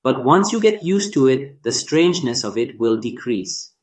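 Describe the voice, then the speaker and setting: A man narrating a scripted language lesson, speaking deliberately and drawing out sounds to demonstrate them. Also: mid-range voice, big pitch swings. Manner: slow, deliberate delivery demonstrating tones with drawn-out sounds. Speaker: language teacher.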